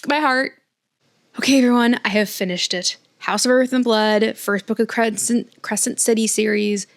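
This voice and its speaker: A young woman with a fairly high voice chats casually to camera as a book vlogger. She rambles, restarts her sentences and fills gaps with "um" and "like". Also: fairly even intonation, normal speed. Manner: chatty, rambling, many fillers and restarts. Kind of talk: casual chat.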